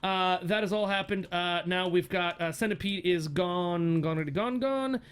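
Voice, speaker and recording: A man running a tabletop game on a livestream narrates in a voice pitched a bit higher than most men's, smooth and fairly bright, with a level tone and measured pace. He giggles a lot and rambles, full of ums and phrases he abandons midway.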